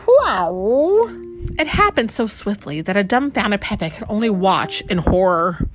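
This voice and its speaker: Woman reading a picture book to her kid, lively pitch, quiet music under it. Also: takes it slowly, long pauses. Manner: chatty, animated, asks the child questions. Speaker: parent reading to her child. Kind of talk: storybook read-aloud.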